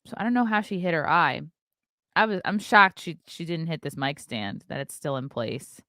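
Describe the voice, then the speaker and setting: A woman's voice: deep voice, expressive, moderate pace, pushed and bright. A woman comedian musing aloud over a clip in casual commentary, chatty and full of filler words, from a room at home. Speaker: comedian and online show host. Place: home room with colored lights.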